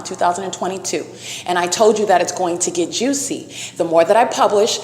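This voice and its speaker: Fast-talking woman in an insistent monologue. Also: on the low side, a little mellow, slight background noise. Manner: accusatory, insistent and repetitive. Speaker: vlogger documenting her surroundings. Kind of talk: rapid recorded monologue addressed to the camera. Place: outdoors by a parking lot.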